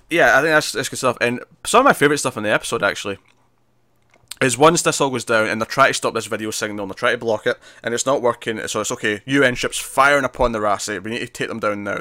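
A man co-hosting a podcast, chatting casually and excitedly as he recaps a TV episode. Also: mid-range voice, dry recording, studio quality. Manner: excitable, animated retelling of scenes. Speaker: podcast co-host.

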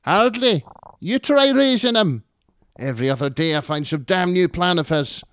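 A man doing a shrill grating Scottish mum. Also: lively intonation, normal speed, fairly bright tone, clear, resonant tone. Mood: grumbling. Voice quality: grating, yapping. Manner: shrill and snappish. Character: grating, rude, round Scottish mother.

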